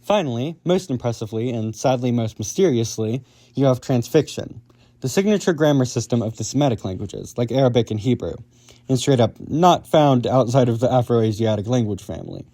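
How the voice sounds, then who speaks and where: A man's voice: mid-range voice, lively intonation, a little fast, dark tone. A man hosting an educational video, reading a casual, upbeat script. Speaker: video host explaining linguistics.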